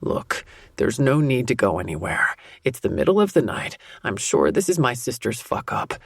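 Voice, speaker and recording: A woman voicing a gruff, blunt grown man with a rough voice in an audiobook. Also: a bass voice, very animated, normal speed, no room sound, studio quality, voice pushed down, heavily acted. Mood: low, teasing. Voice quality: rough, gravelly. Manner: blunt, curt. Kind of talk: audiobook character voice.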